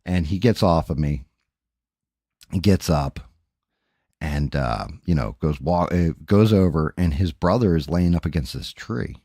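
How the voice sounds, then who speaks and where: Livestream host, male, very low voice, dry close sound, profane animated storyteller with sound effects. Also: a little slow, dry recording. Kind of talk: casual storytelling chat.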